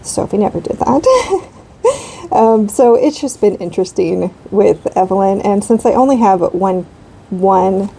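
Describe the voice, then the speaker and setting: A woman's voice: mid-range voice, vocal fry, dark tone, slight background noise, poor audio. A woman in her thirties chatting casually while she colors, rambling with frequent ums and likes. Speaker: craft channel host.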